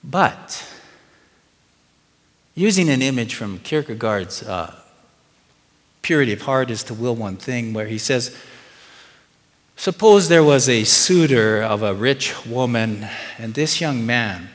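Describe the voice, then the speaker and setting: A man's voice: mid-range voice, expressive, slow, long pauses. Middle-aged man preaching in a reverberant hall. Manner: earnest, conversational preaching with rhetorical questions to the congregation. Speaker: pastor. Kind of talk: sermon.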